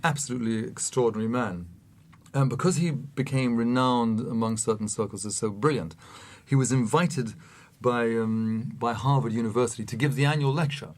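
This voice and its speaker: A man telling an anecdote in an animated way, often laughing as he goes. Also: mid-range voice, moderate pace. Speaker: storyteller. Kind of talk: anecdotal storytelling.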